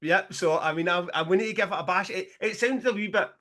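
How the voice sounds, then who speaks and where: A Scottish man co-hosting a casual podcast, telling stories in an animated, sweary way and laughing often. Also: sits high, fairly quick. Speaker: podcast co-host, promoter.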